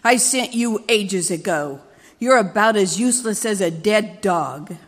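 A woman reading aloud voices a burly, abusive husband with a sleepy, gravelly voice. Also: high-pitched, lively intonation, unhurried, big-room sound, heavily acted. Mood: demanding. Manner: shouting, harsh.

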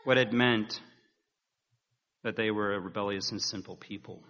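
A man preaching a sermon in a measured, earnest way, rising with emphasis at key points. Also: lowish voice, fairly even intonation, bright, forceful tone. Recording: dull sound in a reverberant hall.

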